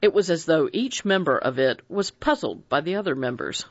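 Expressive audiobook narrator, lively pitch. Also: moderate pace, no room sound. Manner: expressive, dramatic reading. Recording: dry dull lo-fi recording.

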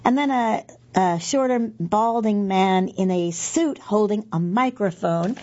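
A woman's voice: mid-range voice, slow, dark tone, lo-fi sound. A middle-aged woman reading magazine pieces aloud for a podcast, chatty and correcting herself with asides.

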